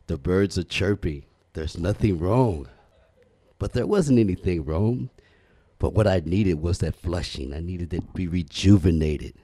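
Deep, dark-voiced earnest man. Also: no echo. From United States. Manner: preachy, folksy, earnest. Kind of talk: casual timed monologue.

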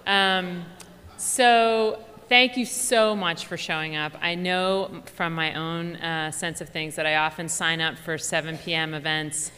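An author with a Philadelphia accent entertains a large hall audience with a funny, animated talk, gushing, chatty and quick to laugh. Her voice is low-pitched with a sharp edge.

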